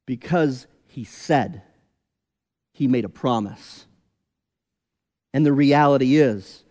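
A man preaching a sermon as pastor, deliberate and emphatic, with rhetorical questions. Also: mid-range voice, expressive, dark tone, in a large hall.

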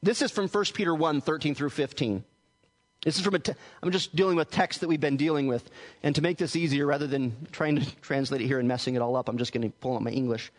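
High-voiced man preaching in a reverberant hall. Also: quick pace. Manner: earnest explaining, restarts words. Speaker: pastor. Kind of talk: teaching sermon.

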